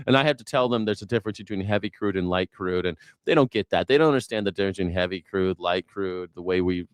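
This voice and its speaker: A man's voice: mid-range voice, no echo. Man ranting profanely, dry sound. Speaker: host. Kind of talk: news reaction commentary.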